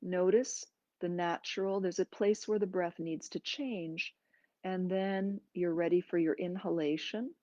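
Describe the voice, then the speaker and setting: A woman yoga teacher guiding a breathing class in slow, gentle, soothing instructions with pauses. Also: lowish voice, steady tone, dry recording, dull audio. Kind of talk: guided breathing and movement class.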